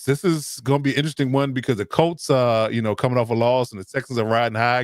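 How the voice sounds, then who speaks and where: A man's voice: medium pitch, a bit bright, no room sound, studio quality. A man hosting a casual sports talk show, upbeat and asking each guest for their picks. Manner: upbeat, steers the round of picks, many fillers.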